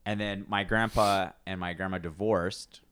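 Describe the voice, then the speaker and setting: A man's voice: deep voice, fairly even intonation, unhurried, fairly bright tone, clean tone, no echo. A man in his twenties co-hosting a podcast, telling rambling stories and acting out the people he quotes, with many restarts. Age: 20s. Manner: rambling storyteller, acts out quoted voices, restarts often. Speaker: podcast co-host. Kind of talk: casual chat.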